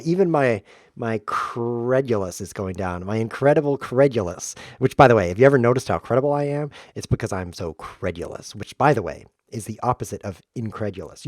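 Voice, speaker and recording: A man hosting a chess stream, joking through playful deadpan tangents and mock lectures while he plays. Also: medium pitch, dry recording, clean studio sound. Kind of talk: rambling comedic commentary while playing.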